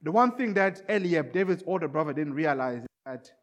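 High-voiced preacher. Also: male voice, animated, fairly quick. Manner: repetitive, emphatic, acts out scenes. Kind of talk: sermon.

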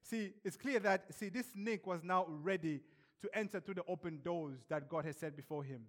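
Man, sermon, high-pitched, emphatic, rhetorical, hushed at times. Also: normal speed. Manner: emphatic, repetitive, rhetorical questions, drops to soft hush for effect. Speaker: preacher.

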